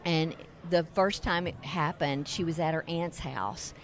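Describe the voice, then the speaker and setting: Interviewed at a religious broadcasters convention, the middle-aged ministry co-founder shares a story earnestly and from the heart. She speaks unhurriedly in a low voice, with slight background noise behind her.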